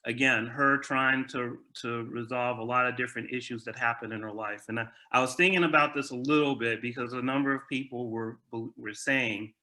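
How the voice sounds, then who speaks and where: Very bright man, eager review chat. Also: mid-range voice, fairly even intonation, normal speed, few pauses. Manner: stammering restarts, agreeable and enthusiastic. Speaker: movie review show co-host.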